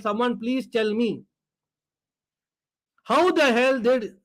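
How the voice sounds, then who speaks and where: A man's voice: very high-pitched, a little slow, long pauses, fairly bright tone, rough recording. A man with an Indian accent reacting to a live football match, ranting and switching between English and Hindi. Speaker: fan reaction host.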